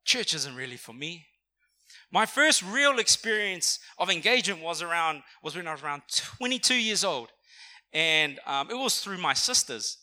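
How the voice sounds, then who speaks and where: A young man preaching a sermon in a church, talking conversationally and calling on the congregation to respond. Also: high-pitched. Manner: energetic, conversational, calls for audience response. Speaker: pastor. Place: church auditorium.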